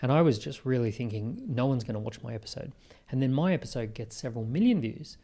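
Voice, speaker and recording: Animated Australian man telling business stories. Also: medium pitch. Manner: animated storyteller, quick asides and restarts. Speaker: podcast guest, entrepreneur. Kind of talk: conversational interview.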